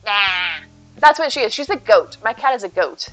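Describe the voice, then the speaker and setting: Mid-range and a bit bright, a woman's voice moves at a moderate pace with lively intonation. As she games live, she chats casually with viewers and talks sweetly about her cat, with soft music in the background.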